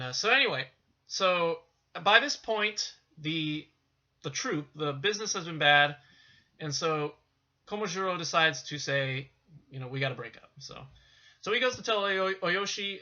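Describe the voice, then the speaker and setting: A man recaps a film's plot in a loose, rambling way, full of fillers and restarts. His voice sits a bit high and sounds sharply bright and tense. The recording is dull and lo-fi. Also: expressive, moderate pace. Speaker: film reviewer.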